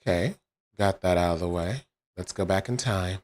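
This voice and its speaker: Deep-voiced wry game commentator, a man. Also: normal speed, darkish tone. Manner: wry, incredulous asides. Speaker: gamer commentator. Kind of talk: let's play commentary.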